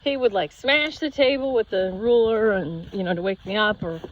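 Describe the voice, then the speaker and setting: A woman's voice: mid-range voice, normal speed. A woman in her fifties telling a personal story in a casual, rambling way, acting out the voices of people she quotes. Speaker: yoga channel host. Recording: slightly dull lo-fi audio with faint noise.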